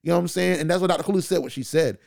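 A man hosting a podcast, giving an animated casual recap of a TV show, often restarting his sentences. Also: fairly high pitch, rapid-fire, vocal fry. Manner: animated, frequent restarts and "you know what I'm saying". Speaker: podcast host reviewing a TV show. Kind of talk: casual solo commentary.

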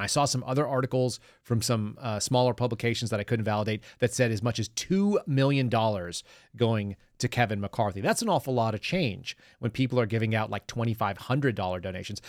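A man's voice: medium pitch, no echo. Casual male podcast host, dry sound. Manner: casual, rambling, directs his producer. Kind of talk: political commentary podcast.

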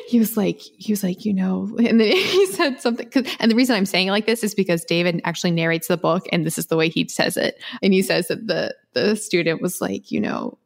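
Low-voiced chatty woman podcast host. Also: vocal fry. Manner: chatty, fast, laughs often, many restarts. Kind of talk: casual podcast chat.

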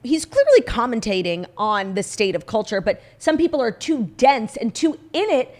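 A woman's voice: on the high side, moderate pace. A woman co-hosting a podcast, chatting casually about pop culture with emphatic opinions and frequent "like". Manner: emphatic, says "like" often, animated opinions. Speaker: podcast co-host.

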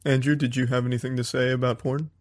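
A man with a mid-range voice talks quickly on a podcast. He teases and needles his co-hosts. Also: mid-range voice, level tone, no room sound, studio quality. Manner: teasing, needling the others. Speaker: podcast co-host. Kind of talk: casual chat.

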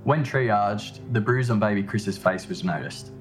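Guy reading scripted narration, measured and matter of fact, soft music under it. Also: fairly low pitch. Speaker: podcast narrator.

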